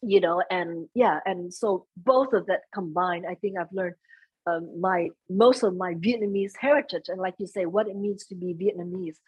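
A woman who works as a stage emcee guests on a casual podcast, speaking in a lively, earnest way, her pitch jumping up when she stresses a point. She talks at a moderate pace with a breathy edge, on a dry, lo-fi recording.

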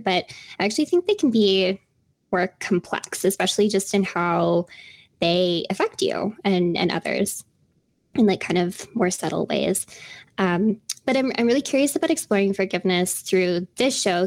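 A woman's voice: mid-range voice, darkish tone, no echo. Chatty young woman podcast co-host. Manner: chatty, laughs often, many fillers. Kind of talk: casual podcast chat.

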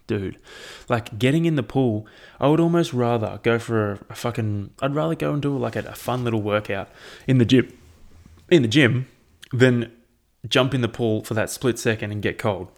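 Gravelly, casual young man. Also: medium pitch, normal speed. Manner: relaxed, rambling, swears often. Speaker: triathlete sharing training update. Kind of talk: casual chat. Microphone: own microphone.

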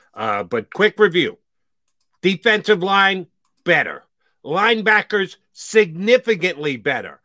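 A man's voice: on the high side, bright, forceful tone, dry recording. A man co-hosting sports talk radio, insistent and emphatic, barking short commands as he argues.

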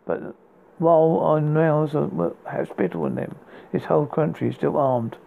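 Gravelly man reading poems over a tinny line. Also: fairly high pitch. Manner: halting, stumbles and restarts words. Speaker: podcast host. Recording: tinny phone-like sound with faint hiss.

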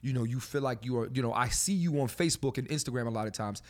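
A man hosting a podcast in a studio, talking in a loose, animated way with lots of swearing and filler phrases. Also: mid-range voice, quick pace. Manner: animated, swearing, repeats "you know what I'm saying". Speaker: podcast host. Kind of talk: casual podcast chat.

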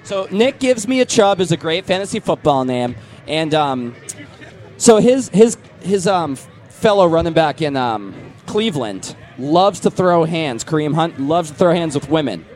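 Brash, high-voiced joking man from Boston. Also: very animated, measured pace, a little mellow. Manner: brash, teasing, jokey. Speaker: host. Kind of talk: comedic banter with passersby.

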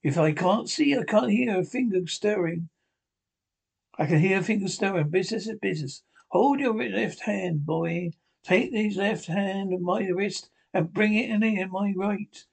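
A man voicing a cruel blind old male beggar, soft-spoken and threatening in a sing-song way. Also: sits high, moderate pace, creaky, slightly rough, exaggerated voice. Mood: menacing.

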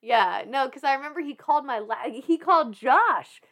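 Animated, laughing Southern woman storyteller. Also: high voice, moderate pace. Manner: animated, laughs often, rambling with restarts and swearing. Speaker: podcast guest. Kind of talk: casual storytelling chat.

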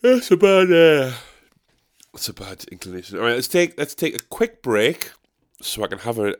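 A man's voice: lowish voice, big pitch swings, brisk. Guy doing a solo podcast into his mic, rambly, swears a lot, pokes fun at himself. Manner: rambling, profane, self-mocking. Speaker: podcast host. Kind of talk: casual solo podcast monologue. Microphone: podcast microphone.

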